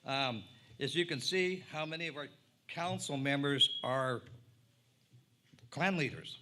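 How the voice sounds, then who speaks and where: A man who is the tribal council president giving a plain-spoken, halting introduction speech at a public event, often repeating words. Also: a little high, sharp tone, a little hiss or hum. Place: public event before an audience.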